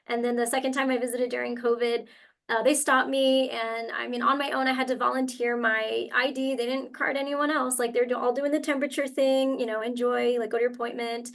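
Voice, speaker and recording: A young adult woman on a webinar panel, sharing a heartfelt personal story in an animated way with lots of filler words. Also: high voice, fairly quick, creaky. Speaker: webinar panelist from a university career center.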